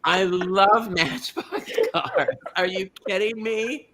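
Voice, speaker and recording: A man's voice: high-pitched, sing-song, slow, heavy background noise, exaggerated voice. A man playing a chatty middle-aged small-town lady who hosts a comedy bingo show, gushing and rambling, tripping over names, on a video call. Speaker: host. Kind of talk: comedic drag character hosting.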